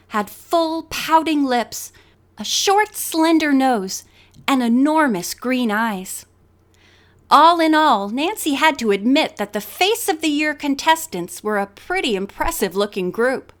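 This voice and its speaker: A woman narrating an audiobook with expressive storytelling. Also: fairly high pitch. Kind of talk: scripted narration.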